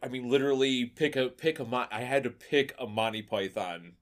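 A man's voice: mid-range voice, a little fast. A man co-hosting a podcast, chatting casually and acting out comedy sketches with laughter and swearing. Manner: animated, acts out quoted lines, laughs often, swears. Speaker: podcast co-host.

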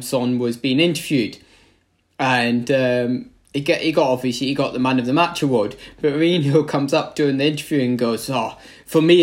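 A man co-hosting a casual football podcast, relaxed and hesitant, with frequent ums. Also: a little high. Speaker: podcast co-host.

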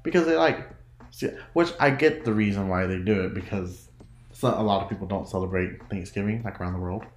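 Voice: low-pitched, brisk, roomy sound. A podcast host from the United States chatting casually and rambling, often breaking off to giggle. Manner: rambling, giggly, self-interrupting. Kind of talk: casual solo podcast chat.

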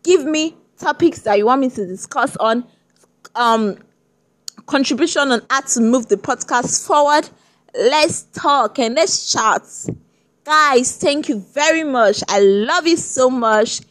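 A woman talks alone on her podcast. She rambles in a loose, friendly way and repeats phrases. Her voice sits a bit high for a woman. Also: slow. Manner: chatty, rambling, repeats herself. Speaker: podcast host. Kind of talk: casual solo podcast monologue.

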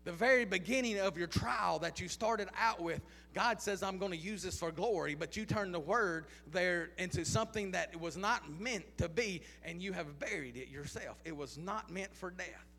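A male preacher with a high, gravelly voice delivers his sermon through driving repeated questions. His tone is bright and edged. The sound carries the long reverb of a large church hall. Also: normal speed, few pauses. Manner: repetitive rhetorical questions, rising to chanted intensity.

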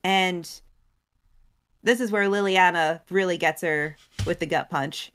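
A woman co-hosting a casual recap show, retelling a story and acting out characters' lines in quick voices. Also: mid-range voice, fairly bright tone. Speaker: co-host recapping story lore. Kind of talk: casual chat.

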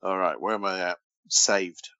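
Low-voiced Australian man, dull lo-fi audio. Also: steady tone, unhurried, bright, forceful tone, dry recording. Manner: reads odd news stories aloud, teasing banter. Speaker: podcast co-host. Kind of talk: casual podcast chat. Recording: dull lo-fi dry recording.

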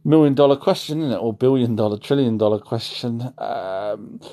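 A man's voice: medium pitch, moderate pace, dark tone. A man hosting a casual livestream, answering chat in a rambling way and often correcting himself. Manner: rambling, self-correcting, apologetic asides.

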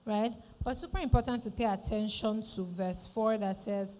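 A woman's voice: mid-range voice, normal speed, few pauses, dark tone. A woman pastor, preaching a sermon in church and repeating her phrases for emphasis, often asking "right?".

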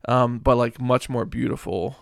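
Gravelly man in a casual book chat. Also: medium pitch, steady tone, moderate pace, no room sound, clean studio sound. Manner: rambling, leans heavily on "like" and "um".

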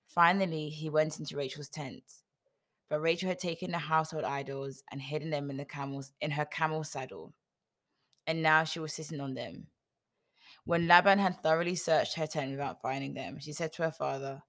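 A woman with a low, deep-set voice reads a scripture story aloud at an easy, casual pace. She keeps it informal, slipping in dry joking remarks between passages. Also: fairly even intonation, fairly quick. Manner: reads aloud, breaking off for wry joking asides. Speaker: scripture reader.

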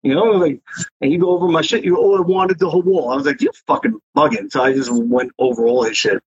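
New guy rambling his stories, husky voice kinda high, cussing a lot, dull dry podcast sound. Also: fast, no echo. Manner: rambling, profane street talk with many fillers. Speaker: interview guest, graffiti writer. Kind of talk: casual storytelling interview.

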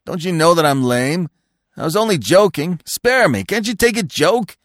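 A man's voice: a little high, lively intonation, normal speed, fairly bright tone, dry recording, studio quality, voice pushed up. A man reading an audiobook, voicing a lame young male deer who whines and pleads. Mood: whiny. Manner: whining, pleading.

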